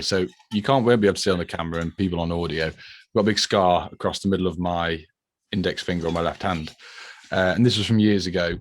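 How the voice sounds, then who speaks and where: A British electrician co-hosting a podcast, speaking in dry, matter-of-fact casual chat. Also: male voice, sits low. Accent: British English.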